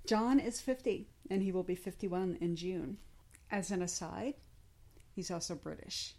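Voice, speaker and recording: A woman's voice: on the low side, measured pace, darkish tone. A woman in her forties co-hosting a podcast, chatting casually, giggling and swearing freely. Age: 40s. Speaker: podcast co-host. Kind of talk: casual chat.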